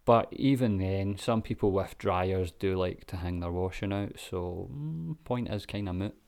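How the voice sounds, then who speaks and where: A man's voice: deep voice, a little slow, gravelly, a little mellow, smooth. A Scottish man giving laid-back, sweary reaction commentary with lots of ums and chuckles. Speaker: vlogger.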